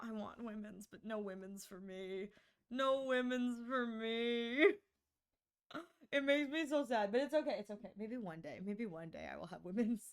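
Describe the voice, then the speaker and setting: Young woman streamer, slightly high voice, loose rambling chat with lots of giggles and self-mockery. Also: clean tone. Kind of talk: casual chat with viewers.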